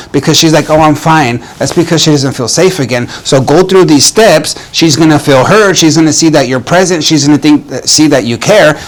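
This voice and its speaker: A man with a slightly higher voice talks through relationship advice like a coach. He is earnest and repeats his points, stumbling into restarts as he speaks directly to the listener. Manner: earnest, repetitive, addresses viewer as "man", many restarts. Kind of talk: direct-to-camera advice talk.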